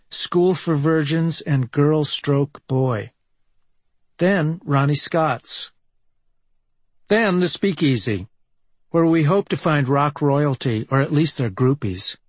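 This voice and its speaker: A man from Minneapolis reading a personal travel memoir aloud in a wry, deadpan delivery. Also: on the high side, takes it slowly, no echo. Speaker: memoir narrator.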